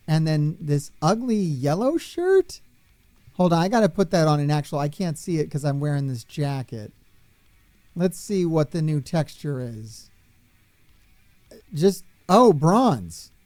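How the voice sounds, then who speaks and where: A man's voice: a little high, a little mellow, no echo. A man streaming a wrestling video game, commenting on it in a frustrated, ranting way and swearing. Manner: exasperated, swearing rants. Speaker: gaming streamer. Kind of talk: gameplay commentary.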